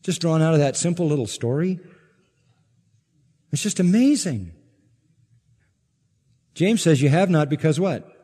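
A man's voice: on the high side, animated, a little slow, pauses often, dark tone, slightly rough, big-room sound. A pastor preaching an emphatic sermon, his voice rising sharply on key words.

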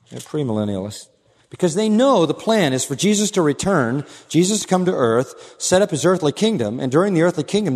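A man preaching an expository sermon as pastor, emphatic, swinging from low asides to raised declarations. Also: a little mellow. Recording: long hall reverb.

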